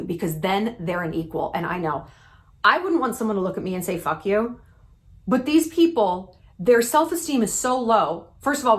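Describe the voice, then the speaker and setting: A woman in her thirties giving blunt advice straight to her viewers, emphatic and salty-mouthed, with big swings in pitch. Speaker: YouTube commentator. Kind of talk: direct-to-camera advice talk.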